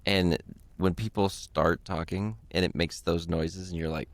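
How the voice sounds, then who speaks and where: A man with a very low voice and a rough, gravelly edge co-hosts a casual podcast. He talks in an easygoing, rambling way, full of fillers. The sound is dry and close. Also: steady tone, measured pace, no room sound. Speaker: podcast co-host.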